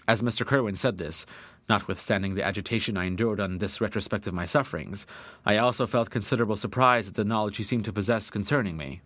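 A man's voice: lowish voice, fast talker, a bit bright, no echo. A man narrating a classic novel in the first person, in an earnest, dramatic way with old-fashioned diction. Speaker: audiobook narrator.

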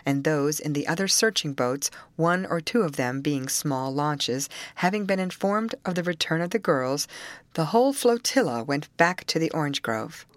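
A woman narrating a novel aloud in measured, scripted storytelling. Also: sits low, no room sound. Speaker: audiobook narrator.

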